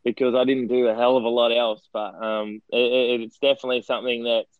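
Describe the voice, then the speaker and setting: A man's voice: medium pitch, little pitch movement, a little fast, clean tone, no room sound, narrow, tinny audio. An Australian man, a former footballer and now coaching director, chatting as an interview guest and telling long stories with many fillers and restarts. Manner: rambling, self-deprecating storyteller with many restarts and fillers. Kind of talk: casual interview chat.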